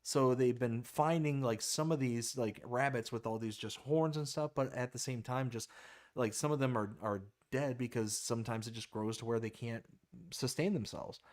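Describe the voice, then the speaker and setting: A man's voice: medium pitch, normal speed. A man hosting a live stream in casual chat, reading viewer comments aloud and laughing easily. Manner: easygoing, laughs often, reads chat aloud.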